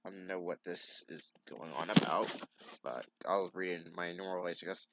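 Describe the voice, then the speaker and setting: A man's voice: low voice, moderate pace, fairly bright tone, dull audio, slight background noise. A young man reading a comic aloud with sarcastic, swearing asides. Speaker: comic reader. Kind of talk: casual comic read-along with commentary.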